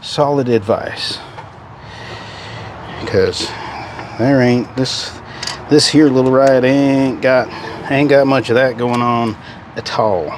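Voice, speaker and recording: A man's voice: medium pitch, slow pace, pauses often. A man chatting casually to viewers while he works on an old car in his garage. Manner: folksy, chatty, talks to viewers while working. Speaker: car restoration vlogger. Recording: noisy garage with engine and tool sounds.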